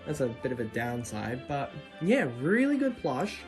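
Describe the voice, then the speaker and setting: A woman's voice: extremely low pitch, moderate pace, music in the background. A young woman with an Australian accent, chatting casually and jokingly as she shows off her plush collection in a vlog. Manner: chatty, animated, jokey and self-deprecating. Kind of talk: casual show-and-tell vlog.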